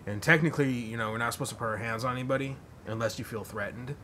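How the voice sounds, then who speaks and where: On his podcast, a man rambles through a long, profane story packed with fillers. His medium-pitched voice races along with a sharp tone, over slight background noise.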